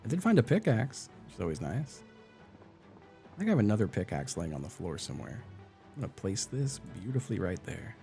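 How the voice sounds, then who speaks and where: Male streamer, low gravelly voice, chatty self-narration over faint game music. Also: big pitch swings, a little fast, warm tone. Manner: chatty, narrates his own play and greets chat. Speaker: live streamer. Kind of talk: casual gameplay chat.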